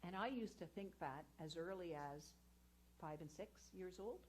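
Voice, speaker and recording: A woman's voice: on the low side, unhurried, darkish tone, a little hiss or hum. A woman educator giving an earnest inspirational talk to a live audience in a spiritual centre hall, telling personal stories. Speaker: guest speaker and educator.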